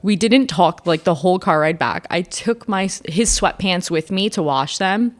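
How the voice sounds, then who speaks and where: A woman's voice: lowish voice, lively intonation, normal speed. A young woman in her twenties co-hosting a podcast, telling a story candidly in casual chat, swearing often and saying "like" a lot. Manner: candid storytelling, frequent swearing and laughter, lots of "like". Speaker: podcast co-host.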